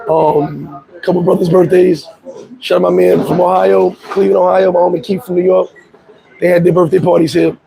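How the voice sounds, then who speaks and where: A hoarse man with a high, heavily gravelly voice hosts a relaxed live stream. He greets viewers one by one, and a crowd murmurs behind him. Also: brisk, low-quality recording. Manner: laid-back, shouting out viewers by name. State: hoarse, voice worn out. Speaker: livestream host. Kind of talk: casual live chat.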